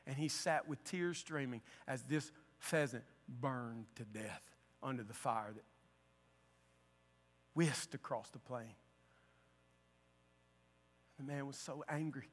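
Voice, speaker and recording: A man preaching a sermon with passion, moving between loud declarations and hushed lines. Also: mid-range voice, slow, pauses often. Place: church sanctuary. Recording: long church-hall reverb.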